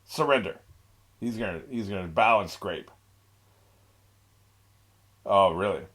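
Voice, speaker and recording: Husky low-voiced man reacting casually. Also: measured pace, a bit bright. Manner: laid-back, rambling, laughs often, mocking asides. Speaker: anime reaction host.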